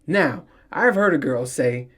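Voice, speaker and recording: A man's voice: on the high side, animated, unhurried, fairly bright tone. A man hosting his own podcast, ranting casually, swearing often and laughing at his own jokes. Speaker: podcast host. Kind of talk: casual solo podcast rant.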